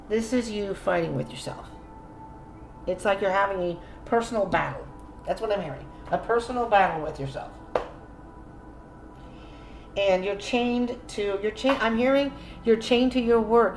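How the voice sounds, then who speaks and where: Chatty woman reading tarot, gravelly. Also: mid-range voice, a little slow, pauses often, faint music behind. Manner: chatty, musing aloud, addresses viewer directly. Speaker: tarot reader. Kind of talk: casual spoken tarot reading. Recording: roomy echo, faint ambient noise.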